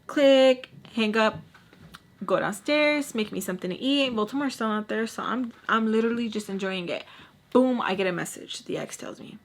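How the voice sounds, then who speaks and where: A woman's voice: a little high, normal speed. A woman vlogger telling a personal story in a casual, candid way, dramatic and blunt, with frequent swearing.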